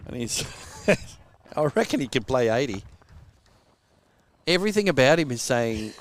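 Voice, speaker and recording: A man's voice: mid-range voice, big pitch swings, unhurried, long pauses, a little hiss or hum. A man with an Australian accent doing casual live cricket commentary, joking and laughing often.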